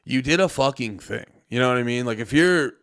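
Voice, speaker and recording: A man's voice: medium pitch, expressive, a little fast, a bit bright. A man hosting a livestream, rambling casually, swearing and joking. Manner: rambling, profane, joking, laughs often. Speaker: livestream host.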